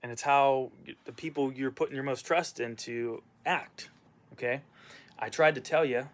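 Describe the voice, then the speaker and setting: A man who vlogs and plays music talks casually at normal speed, his mid-range voice steady in tone. He rambles and vents about a former boss, full of fillers and trailing asides.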